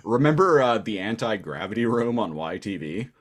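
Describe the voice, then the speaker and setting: A Canadian man co-hosts a podcast with a relaxed, joking manner. His voice sits fairly low. He is heard over a video call. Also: moderate pace. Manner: joking, laid-back. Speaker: podcast co-host. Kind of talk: casual chat.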